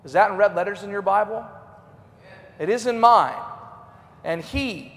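Animated high-voiced preacher, man, booming hall. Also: unhurried, creaky. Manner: animated, swings from loud to hushed. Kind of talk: revival sermon. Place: church sanctuary. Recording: long hall reverb.

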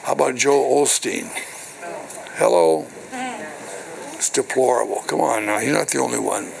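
An older minister gives a sermon in church, reading scripture and then explaining it, breaking into call-and-response with repeated "hello" and "right." His gravelly, medium-pitched voice moves at a moderate pace over a crowd in the background, on a rough recording.

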